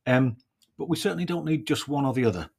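A man's voice: mid-range voice, animated, quick pace, vocal fry, darkish tone, slightly rough. A man hosting a casual solo podcast, thinking aloud in a reflective way and often adding tag questions. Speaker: podcast host.

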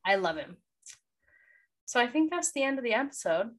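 A woman's voice: fairly high pitch, big pitch swings, normal speed, a bit bright. A young woman co-hosting a casual chat podcast, gushing and emotional, laughing often as she talks. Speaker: podcast co-host.

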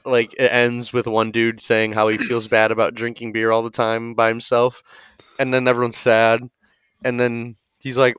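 A man co-hosting a comedy podcast, telling sketch ideas in a rambling, animated way and swearing a lot. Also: mid-range voice, normal speed, clear, resonant tone, dry recording. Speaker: podcast co-host. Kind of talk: casual comedic storytelling.

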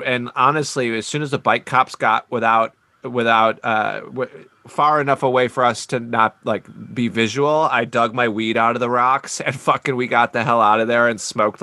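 A man's voice: mid-range voice, sharp tone, dry recording. A man telling a blunt, profane story in casual chat.

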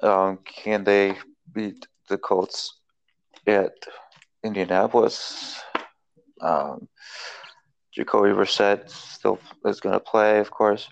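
A man's voice: fairly low pitch, fairly even intonation, slow pace, gravelly, pauses often, low-quality recording. A man co-hosting a casual sports chat, making game picks in a hesitant way with many fillers. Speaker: co-host making football picks.

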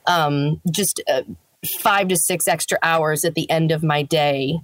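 A woman's voice: low-pitched, steady tone, unhurried. A woman in her thirties, a voiceover actor, chatting in an interview and explaining things with easy laughs. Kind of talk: casual interview chat.

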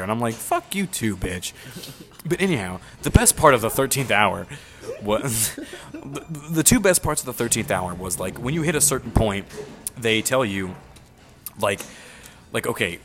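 A man's voice: on the low side, fairly quick, music in the background. Rambling young man telling stories. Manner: rambling, animated, swearing, acting out quoted voices. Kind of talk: casual storytelling chat.

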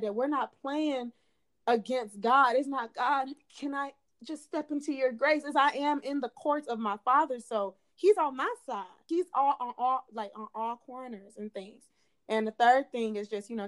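A woman's voice: high voice, fairly bright tone. Earnest young woman preaching her faith. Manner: earnest, preachy, repeats phrases for emphasis. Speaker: podcast guest, PA student. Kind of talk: faith-based podcast conversation.

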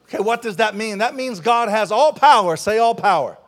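High-voiced preaching pastor. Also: male voice, lively intonation, brisk. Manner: call-and-response preaching, fervent prayer. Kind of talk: sermon. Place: church service with congregation.

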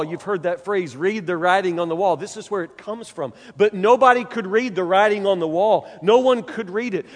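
A man preacher telling a Bible story in a sermon, animated and dramatic, often repeating his phrases. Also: sits high. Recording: long hall reverb.

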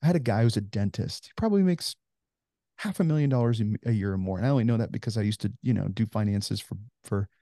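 A man's voice: lowish voice, quick pace, warm tone, dry recording, clean studio sound. A man in his forties, a ministry founder, telling stories earnestly in a conversational interview with many "you know" fillers.

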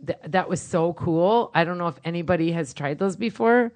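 Deep-voiced chatty woman telling stories. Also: moderate pace. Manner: chatty, animated storyteller. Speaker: podcast co-host. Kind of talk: casual storytelling chat.

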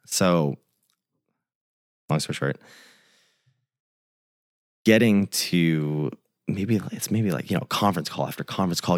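A man's voice: deep voice, takes it slowly, long pauses, a little mellow, no room sound, clean studio sound. A young man, a tour photographer, telling a story in a loose, swearing way and acting out the quoted dialogue. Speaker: tour photographer, podcast guest. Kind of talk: casual storytelling.

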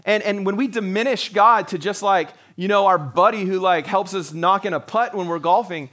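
Male pastor, middle-aged, high voice, chatty sermon delivery that slips into quick voiced asides. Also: a bit bright. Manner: conversational, acts out quotes in little voices.

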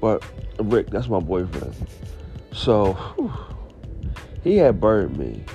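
A man's voice: on the low side, wildly swooping pitch, slow, dark tone, voice pushed down, heavily acted. A man voicing a brash, blunt woman coworker who tells her story in a matter-of-fact, slangy, unashamed way, with slightly muffled audio and faint music.

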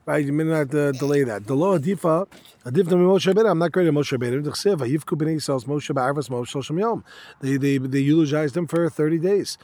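A man teaching a Talmud class, reading Aramaic phrases in quick bursts and then explaining them in casual, conversational English with rhetorical questions. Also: fairly high pitch, darkish tone.

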